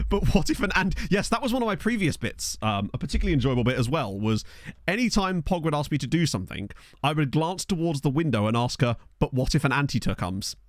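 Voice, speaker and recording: A streamer talks to his live chat from a cramped bedroom, rambling and laughing as he tells stories. His pitch bounces around a lot, and the close desk mic sounds dry with no room echo. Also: a little fast. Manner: animated, rambling storyteller who laughs often. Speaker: streamer playing a football management game. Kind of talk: casual chat with live viewers. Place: small bedroom. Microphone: desk USB microphone.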